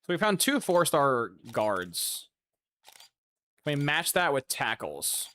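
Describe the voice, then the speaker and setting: A man's voice: fairly high pitch, big pitch swings, slow pace, pushed and bright. A man giving casual, profane, sarcastic commentary while playing a video game. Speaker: gaming streamer.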